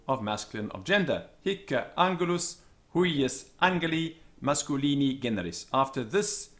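Slow, lively-voiced male Latin teacher. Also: mid-range voice. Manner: deliberate, careful pronunciation drills, repeating each word. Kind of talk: slow vocabulary lesson with repeated Latin words.

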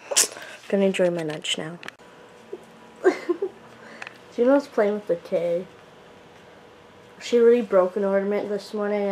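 A woman's voice: mid-range voice, darkish tone, a little hiss or hum, low-quality recording. A young woman chatting casually to camera at home, rambling with lots of fillers. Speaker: vlogger. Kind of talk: casual vlog chat to camera. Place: home, indoors.

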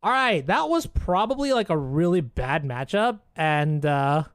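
Streamer mumbling through a card game, swears a lot, pitch jumps all over. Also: measured pace, smooth, no echo, studio quality. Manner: muttering to self, swearing, bursts of excitement; chats to chat and opponent. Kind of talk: casual live-stream game commentary.

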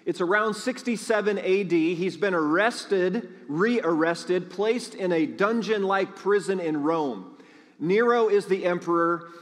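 Chatty pastor in a reverberant sanctuary. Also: male voice, sits high, measured pace. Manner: chatty storytelling, asks the congregation questions. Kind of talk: sermon with announcements. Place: large church sanctuary. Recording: long hall reverb.

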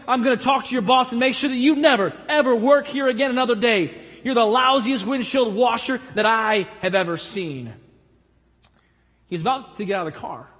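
Male pastor, sermon, high-pitched voice, emphatic rises and quiet drops, acts out story voices, long church echo. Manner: preaching with rising emphatic calls and quiet drops; acts out voices in stories with a laugh. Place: church sanctuary.

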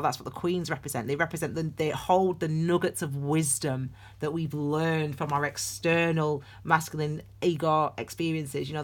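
Woman, tarot reader, lower voice, chatty with excited bursts. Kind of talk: casual tarot reading.

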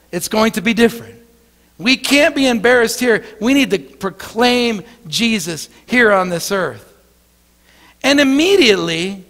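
A man's voice: high voice, a bit bright, in a large hall. A male pastor giving an earnest sermon, often repeating words as he starts his sentences.

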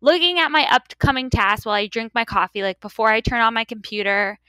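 Bright-voiced young woman, chatty and upbeat. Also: a little high, animated, fairly quick, smooth, no room sound. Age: young adult. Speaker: podcast co-host. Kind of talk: casual work chat.

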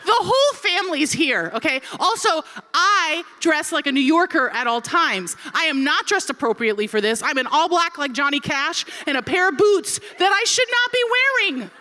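A woman pastor in her forties tells a comic story from the pulpit. Her bright, high voice swings widely in pitch, and she acts out every quoted voice. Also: lively intonation, normal speed, hardly any pauses. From Florida. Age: 40s. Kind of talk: humorous sermon storytelling.

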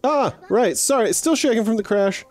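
A man's voice: high-pitched, lively intonation, normal speed, darkish tone, soft background music, pitched above the performer's own voice. A man voicing a small cute alien creature in a raised, jittery voice while reading game dialogue.

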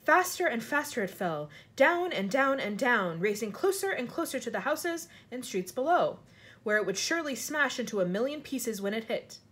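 Husky, animated woman reading aloud. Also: on the high side, moderate pace. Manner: expressive, dramatic storytelling with lively inflection. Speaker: storybook reader. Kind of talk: children's book read aloud.

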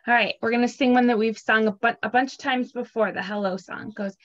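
A woman in her thirties, a teacher leading children's story time, singing simple songs and reading a picture book aloud in a gentle, expressive way. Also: a little high, fast talker. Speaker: preschool teacher. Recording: dull lo-fi sound.

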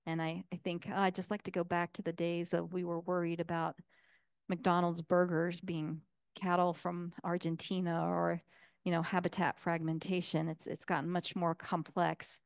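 A woman's voice: fairly low pitch, little pitch movement, moderate pace, vocal fry, dry recording, clean studio sound. A woman giving a casual public talk as guest speaker, enthusiastic and full of fillers.

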